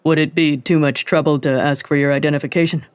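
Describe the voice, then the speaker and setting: A man's voice: on the high side, steady tone, fast, clean tone, no room sound, close to an everyday voice. A narrator voicing a polite, formal male security officer in a voice close to the narration.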